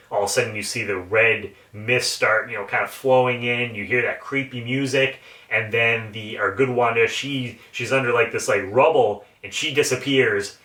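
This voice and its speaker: A man giving a casual, excited spoiler review of a film, swearing freely as he recaps scenes. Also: mid-range voice, recorded from a distance. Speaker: movie reviewer. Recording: roomy echo, a bit off the mic.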